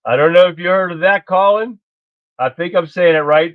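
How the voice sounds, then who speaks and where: A man's voice: high voice, normal speed. A man hosting a casual political live stream, folksy and chatty, greeting viewers by name. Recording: dull lo-fi stream audio.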